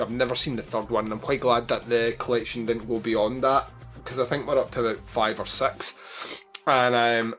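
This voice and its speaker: A man's voice: mid-range voice, fairly bright tone. A man hosting a podcast, chatting casually through his outro and rattling off where to find the show. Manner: chatty, rambling plugs. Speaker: podcast host.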